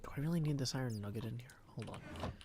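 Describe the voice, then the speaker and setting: A tired man giving casual live game-stream commentary as a streamer, talking to himself and reading chat aloud with soft muttered asides. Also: medium pitch, fast, slight background noise.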